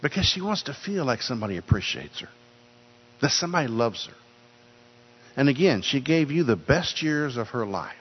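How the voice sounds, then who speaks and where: A man's voice: medium pitch, big pitch swings, moderate pace, husky. Earnest older man preaching in a reverberant hall. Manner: earnest, repeats phrases for emphasis. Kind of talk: sermon. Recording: dull sound with long hall reverb.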